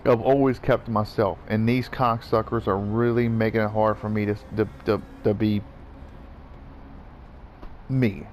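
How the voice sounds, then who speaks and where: A man's voice: lowish voice, flat delivery, a little slow, pauses often. A man venting in a profane, repetitive rant while gaming, with faint background noise.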